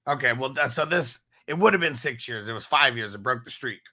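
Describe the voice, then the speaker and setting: A man's voice: mid-range voice, animated, brisk, pushed and bright. A man co-hosting a late-night fantasy football chat, laid-back, laughing often and reading out viewer comments.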